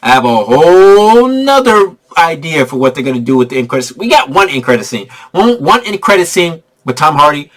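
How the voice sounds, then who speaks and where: Excitable young man reviewing a movie. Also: fairly high pitch, a little fast, few pauses. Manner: excitable, repetitive, slangy. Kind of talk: casual spoiler review.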